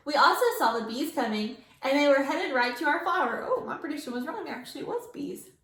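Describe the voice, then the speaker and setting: A woman teacher reading a picture book aloud to her class, with lively character voices. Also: high voice, fairly quick. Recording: echoey room.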